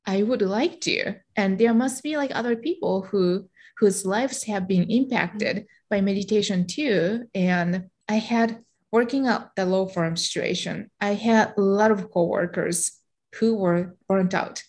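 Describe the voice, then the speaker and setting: A woman's voice: medium pitch, measured pace, a little mellow. A middle-aged woman with a Japanese accent, speaking English as her second language. She is a guest in an interview and tells her story in a reflective way, with frequent fillers and light laughter. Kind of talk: interview conversation.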